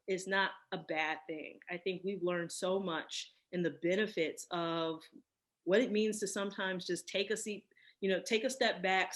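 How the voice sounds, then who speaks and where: Woman, 30s, interview guest; lowish voice, reflective and thoughtful. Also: a bit bright. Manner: reflective, many fillers and restarts. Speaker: podcast guest, cosmetic chemist. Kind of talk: casual interview.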